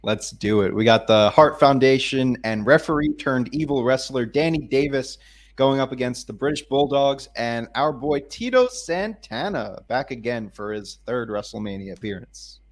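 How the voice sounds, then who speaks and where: A man co-hosting a casual podcast, enthusiastic and listing points in a steady rhythm. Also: medium pitch, normal speed. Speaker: podcast co-host. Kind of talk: casual chat.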